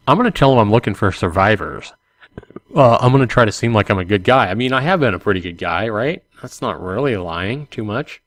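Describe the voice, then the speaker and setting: A man calmly reading an interactive zombie story aloud for ASMR, breaking off into casual thinking-aloud asides about his choices. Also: on the low side, moderate pace, dry recording. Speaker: channel host reading a text game.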